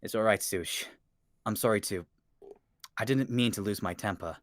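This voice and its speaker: A man reading the lines of a worried, apologetic young male hero in a fanfiction reading, in a soft, subdued voice. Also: on the low side, normal speed, no room sound, studio quality, pitched below the performer's own voice, lightly acted.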